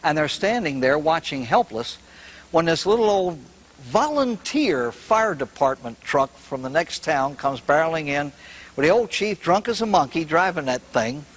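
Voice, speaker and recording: A man's voice: on the high side, sing-song, moderate pace. A man who is a priest, giving a humorous recovery talk as a folksy storyteller who laughs at his own jokes.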